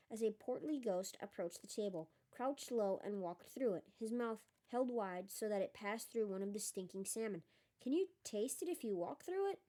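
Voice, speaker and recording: A woman reads a story aloud in a soft, mellow voice. She is not a polished narrator and breaks off now and then to chat about what she has just read. Her pitch sits in an ordinary middle range. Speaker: reader. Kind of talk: audiobook reading with asides.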